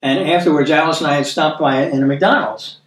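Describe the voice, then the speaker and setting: Man, American accent, preacher, conversational sermon, earnest, somewhat high voice, echoey, distant mic. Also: fairly even intonation. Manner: earnest, repeats words for emphasis, reads scripture slowly.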